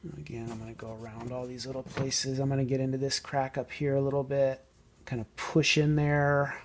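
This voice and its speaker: A man casually explaining a painting technique as he works, thinking aloud and sometimes trailing off softly. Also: medium pitch, little pitch movement, brisk, slight background noise. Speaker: model painting tutor. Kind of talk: casual hands-on painting tutorial.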